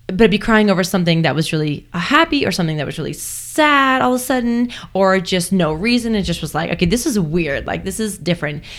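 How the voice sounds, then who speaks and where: A young woman with a somewhat low voice speaks as a guest in a relaxed interview. She rambles in a chatty way, with lots of fillers and restarts. She often acts out her own inner thoughts as quoted lines. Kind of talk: casual conversational interview.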